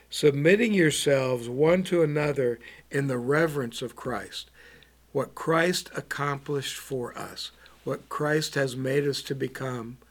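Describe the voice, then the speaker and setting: A man preaching a bible teaching, slow and halting, with many ums and repeated words. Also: mid-range voice.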